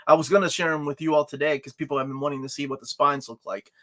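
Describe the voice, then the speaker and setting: A man's voice: fairly high pitch, little pitch movement, fast, bright, forceful tone. A man hosting a casual live-stream chat, joking and playful as he talks. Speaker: host.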